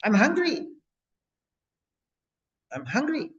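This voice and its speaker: Brief: man doing an indignant hungry patient, pitched way up, whiny demands, dull lo-fi sound. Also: huge pitch swings, takes it slowly, fairly bright tone, full character voice. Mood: indignant pleading. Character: angry hungry adult male patient, demanding. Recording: dull lo-fi audio.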